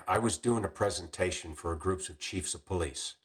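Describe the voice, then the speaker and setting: In a podcast interview, an older man who retired as a police captain tells stories, restarting often and clearing his throat again and again. His voice is deep and a bit bright, at a moderate pace.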